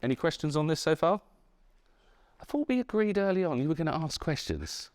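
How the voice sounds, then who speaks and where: A man's voice: a little high, animated, a little fast, a little mellow. A middle-aged British man, an entrepreneur talking to university students in a plain, conversational way with frequent "yeah?" check-ins. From United Kingdom. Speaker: entrepreneur giving a talk. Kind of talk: lecture to students. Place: university lecture room.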